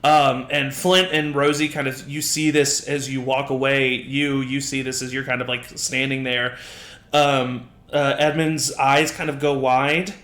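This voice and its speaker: A man's voice: mid-range voice, level tone, unhurried, a bit bright. A man narrating a tabletop game as game master, casual and often laughing. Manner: casual, laughing, many fillers. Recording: roomy echo.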